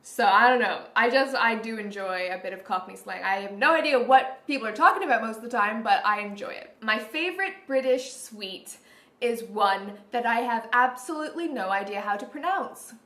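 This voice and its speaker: In an echoey, roomy space, this Canadian woman chats casually for her beauty vlog, gushing and filling her talk with "like." She speaks at a normal speed with lively intonation in a high-ish, fairly bright voice.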